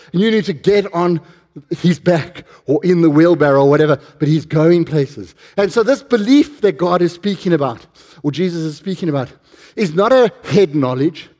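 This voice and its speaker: Male preacher, high voice, animated storytelling sermon with questions to the crowd. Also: moderate pace.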